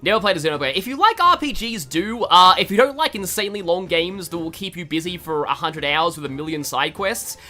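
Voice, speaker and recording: An Australian man chats his way through a game in loose, rambling commentary, laughing often. His voice is animated and bright, with faint game music underneath. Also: sits high, fairly quick, few pauses. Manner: rambling, chatty, laughs often, many fillers. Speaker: gaming video host.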